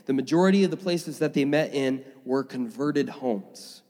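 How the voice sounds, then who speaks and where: A man preaching a sermon as a pastor, energetic and enthusiastic, with frequent fillers. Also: medium pitch, normal speed. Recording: long reverb of a large room.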